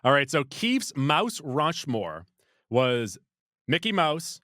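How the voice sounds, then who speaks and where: This movie podcast co-host takes it slowly, his fairly high, sharp-toned voice making big pitch swings. The casual chat is playful and jokey, with lists rattled off. The recording is dry and clean, studio-grade.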